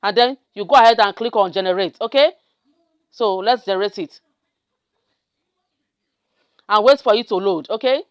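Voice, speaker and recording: A woman's voice: mid-range voice, moderate pace, pauses often, smooth, dry recording, studio quality. A woman hosting a step-by-step screen tutorial, often checking in with her viewers. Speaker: tutorial host. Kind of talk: screen-recorded software tutorial.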